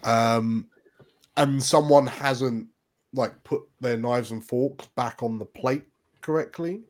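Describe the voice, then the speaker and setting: Slow, hesitant game master. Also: male voice, mid-range voice. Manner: hesitant, full of fillers and restarts, chuckling. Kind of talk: narrating a tabletop game.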